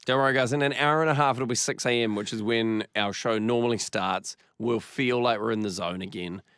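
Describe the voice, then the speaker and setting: A man's voice: medium pitch, brisk, a bit bright, smooth, no echo. A young man with a New Zealand accent, co-hosting a radio show in the studio and teasing his co-hosts in casual banter. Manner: teasing, dry. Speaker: radio host.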